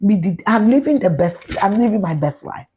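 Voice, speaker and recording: A middle-aged Ghanaian woman with a Ghanaian accent, ranting loudly and profanely in a live video, slipping into Twi. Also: medium pitch, animated, moderate pace, slightly rough. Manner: loud, profane, mixes in Twi. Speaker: social media personality.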